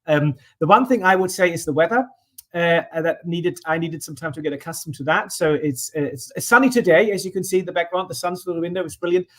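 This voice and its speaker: A man's voice: a little high, fast talker. A middle-aged man from Germany, moderating an online panel Q&A in a friendly, hesitant way with many restarts. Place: indoors by a sunny window.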